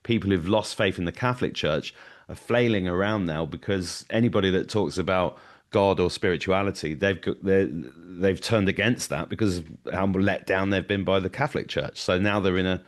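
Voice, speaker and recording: An English man talks as a guest in a casual video chat, rambling and searching for his words. His voice is very deep for a man. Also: normal speed. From England.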